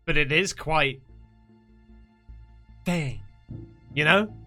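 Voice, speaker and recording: A man hosting a reaction video, swearing and getting loud and panicky as he reacts. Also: fairly high pitch, extremely slow, faint music behind. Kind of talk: excited reaction commentary.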